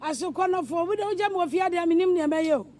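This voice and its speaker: A woman with a Ghanaian accent playing a mother who calmly urges patience in a comedy skit. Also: very high-pitched, fairly quick. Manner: soothing, urging patience. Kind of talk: comedy skit dialogue, mostly in Twi.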